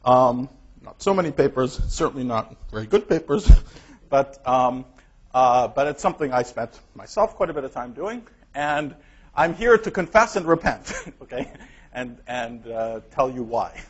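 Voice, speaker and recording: A man giving an academic colloquium lecture in a hall with a clip-on mic, emphatic and energetic, often laughing at his own remarks. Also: mid-range voice, normal speed. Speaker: guest lecturer. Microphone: clip-on microphone. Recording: dull lo-fi lecture recording.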